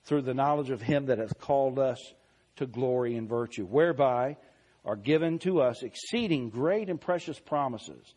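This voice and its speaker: A man preaching a sermon, reading scripture slowly and deliberately, swelling louder on key phrases and dropping soft. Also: medium pitch.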